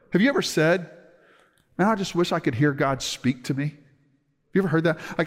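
Man preaching, earnest, slows on key words, fairly high voice, long hall reverb. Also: lively intonation. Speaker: pastor. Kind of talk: sermon.

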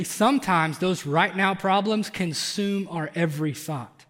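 A man's voice: high-pitched, fairly bright tone, long reverb tail. A man preaching a conversational sermon as pastor, building up intensity on his emphatic points. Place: church sanctuary.

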